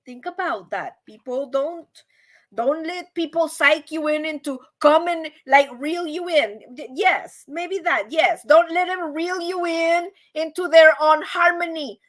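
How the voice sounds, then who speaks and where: A woman hosting a casual livestream, chatty and animated, often asking "right?" and acting out quoted voices. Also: high-pitched, a little slow. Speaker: livestream host.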